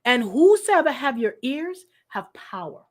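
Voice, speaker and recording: A woman pastor giving a lively, conversational sermon, calling on congregants by name and often restarting her sentences. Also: high voice, a little slow. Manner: animated, lively, acts out quoted voices, addresses congregants by name; frequent restarts and repetitions.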